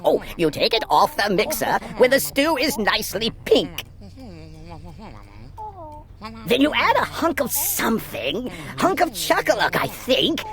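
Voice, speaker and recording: A woman's voice: a little high, sing-song, moderate pace, few pauses, fairly bright tone. A woman voicing a smug, chatty male glunk creature in a storybook read-aloud, glib and rambling.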